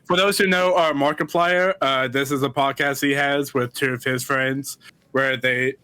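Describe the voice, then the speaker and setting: A man's voice: medium pitch, fairly even intonation, moderate pace, sharp tone, clear, resonant tone, no echo. A man co-hosting a comedy podcast, chatting casually and playfully with restarts. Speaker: podcast co-host.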